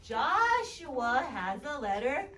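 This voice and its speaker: A young female kindergarten teacher with a high, bouncing voice, cheering the kids on and stretching out letter sounds. She is caught from across the classroom, sounding distant. Loud room noise runs under her the whole time. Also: sing-song. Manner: upbeat, encouraging, sounding out letters slowly. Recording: distant, noisy classroom recording.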